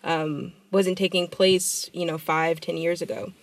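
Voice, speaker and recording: A man hosting a radio interview, asking questions in a relaxed, conversational way. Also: a little high, measured pace. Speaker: radio show host.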